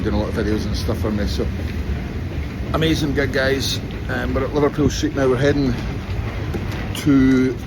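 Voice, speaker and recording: Guy vlogging after a gig, easygoing, lots of ums, mid voice, city traffic noise around him. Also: medium pitch. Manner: relaxed and chatty, many fillers. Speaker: piper. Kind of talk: casual vlog to camera. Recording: noisy city street background.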